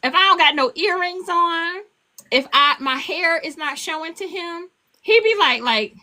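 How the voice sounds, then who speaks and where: An older woman, an author, telling stories on a podcast interview in a casual, animated way, laughing as she goes. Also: a little slow. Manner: animated, laughing, acts out quotes in a high child voice. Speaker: author and guest.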